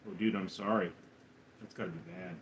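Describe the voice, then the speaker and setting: A man live streaming, reading viewers' names and questions aloud and answering them in a lower, quieter tone. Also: steady tone, brisk, slight background noise. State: recovering from a hospital stay. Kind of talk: casual live stream chat.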